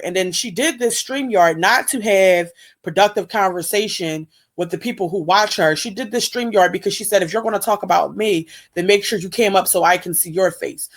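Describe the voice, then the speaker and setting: A woman talks straight to her viewers in a casual reaction-video commentary. She is emphatic and keeps asking them what they think. Her voice sits at an ordinary middle pitch. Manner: emphatic, asks viewers questions.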